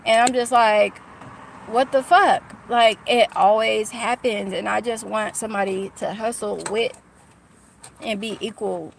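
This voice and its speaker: A woman's voice: medium pitch, steady tone, unhurried, creaky, a little hiss or hum. A woman from California chatting casually with her livestream viewers, candid and rambling, full of fillers and restarts. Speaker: YouTuber talking to live chat.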